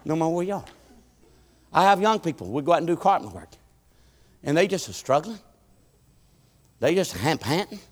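A man, preaching a sermon in church, swinging between shouted appeals and low, folksy asides. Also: sing-song, brisk, pauses often. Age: 50s. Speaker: pastor.

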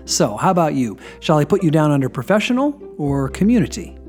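A man's voice: fairly high pitch, sing-song, fairly quick, a little mellow, faint music behind. A man voicing Saint Peter as a genial, officious old gatekeeper of heaven, inside a joke told during a sermon. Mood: matter-of-fact. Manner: welcoming, officious.

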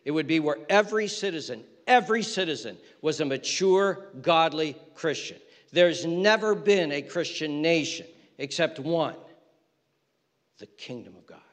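A man preaching a sermon as pastor, impassioned, repeating phrases and swinging between loud peaks and hushed lines. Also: sits high, in a large hall.

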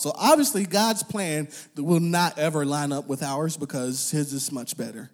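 A young man preaching a relaxed, chatty sermon full of slang and fillers. His voice sits a little high for a man. He acts out the voices of the people in his stories. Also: moderate pace, hardly any pauses. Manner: conversational, uses slang and filler words; animated, acts out quoted voices. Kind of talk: casual sermon.

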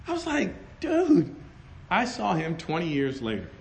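Middle-aged preacher guy, loud n animated, high bright voice that swings all over. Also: unhurried, vocal fry, slight background noise. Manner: loud, animated, laughing between stories. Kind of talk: lively storytelling sermon.

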